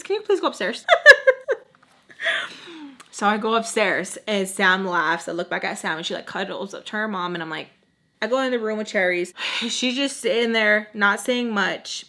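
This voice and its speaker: A woman's voice: medium pitch, sharp tone. Chatty young woman telling a story. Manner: chatty, acts out quotes with "I'm like". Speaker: storytime vlogger. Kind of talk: casual storytelling.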